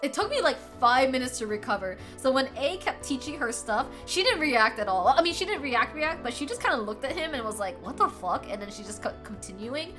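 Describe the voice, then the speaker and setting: A bright, high-pitched young woman tells a story to her live chat, her voice swooping up and down as she laughs and swears her way through it. Faint music plays softly behind her. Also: a little fast, few pauses. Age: young adult. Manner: animated, laughs often, swears freely. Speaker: streamer. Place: home streaming setup.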